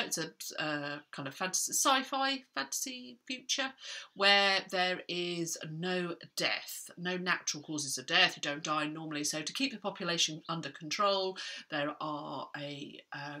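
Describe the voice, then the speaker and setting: Bright, chatty woman. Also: sits low. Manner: rambling, self-interrupting, chatty. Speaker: book vlogger. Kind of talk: chatty book vlog.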